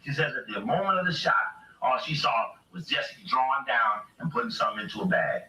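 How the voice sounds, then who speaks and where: A man's voice: expressive, a little fast, bright, forceful tone. Emphatic man lecturing from an echoey distance. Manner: emphatic, rhetorical questions, acts out quotes with rising pitch. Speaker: speaker reading from books to a camera. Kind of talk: impassioned lecture reading quotes aloud.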